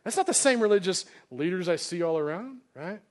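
Male pastor with a high-pitched voice, relaxed conversational sermon delivery to a live church. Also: a little fast. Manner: casual conversational preaching, acts out quotes. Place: church sanctuary, live congregation.

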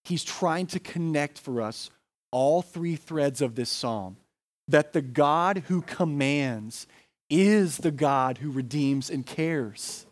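An American man preaches a sermon in a relaxed, conversational way, peppering his points with quick asides and questions to the room. His voice sits a little higher than most men's. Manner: conversational preaching, frequent "like" and "right?". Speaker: pastor.

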